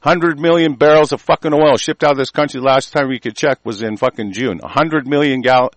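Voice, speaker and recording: A man's voice: mid-range voice, brisk, dry recording, low-quality recording. A man hosting a talk show, delivering an angry political rant packed with profanity and insults. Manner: swears constantly, shouting insults.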